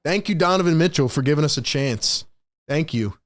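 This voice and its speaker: A young man hosting a fan live stream, calling the game play by play with excitable, frustrated energy and talking to his chat. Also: a little high, a little fast. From Philadelphia area.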